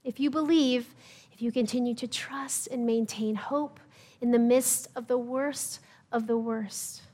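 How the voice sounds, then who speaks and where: High-voiced woman preaching a sermon. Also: steady tone, unhurried, dark tone. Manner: conversational storytelling, acts out voices of the crowd. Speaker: pastor.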